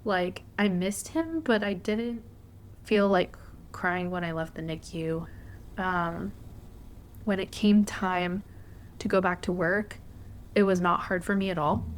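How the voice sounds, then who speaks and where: A woman's voice: fairly low pitch, slight background noise. A young woman hosting a podcast, telling a personal story in a candid, conversational way. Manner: candid, conversational, frequent fillers. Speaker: podcast host.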